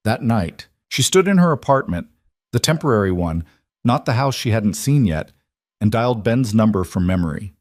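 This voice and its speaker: A man with a fairly low voice reads a dramatic love story aloud in a steady, even way. The sound is dry and close, with no room around it. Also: normal speed, dry recording. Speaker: narrator. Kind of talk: scripted story narration.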